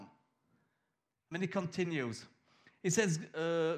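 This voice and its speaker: A man's voice: fairly high pitch, lively intonation, normal speed, pauses often. A man preaching a sermon in a conversational, emphatic way, acting out quoted voices.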